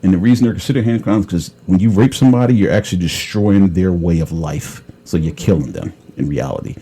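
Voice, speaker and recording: A deep, husky man tells a story in a blunt, tough-talking way. His voice is dark and mellow, and he keeps clearing his throat between lines. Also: fast talker. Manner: blunt, tough-talking, retells calls with quoted dialogue. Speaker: podcast host telling a story. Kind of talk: casual storytelling chat.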